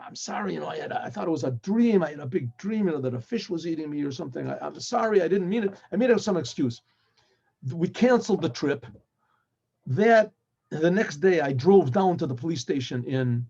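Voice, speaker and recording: A man, a rabbi, tells a story in lively style and acts out the dialogue between the characters in it. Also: fairly high pitch, husky. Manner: acts out quoted speech in lively back-and-forth. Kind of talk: animated storytelling retelling dialogue. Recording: dull lo-fi recording.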